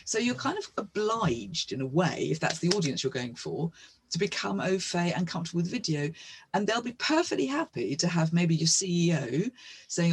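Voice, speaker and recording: Speaker in their fifties, husky voice, mid pitch, confident explanations, marketing chat. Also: very animated, a little fast. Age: 50s. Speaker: marketing guest. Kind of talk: casual chat.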